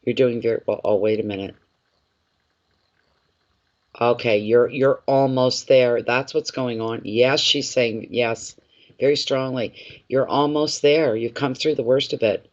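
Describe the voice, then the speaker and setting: A man's voice: medium pitch, fairly even intonation, a little slow, dull audio. A man reading tarot live for viewers, addressing each one by name and often repeating his phrases. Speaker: tarot reader.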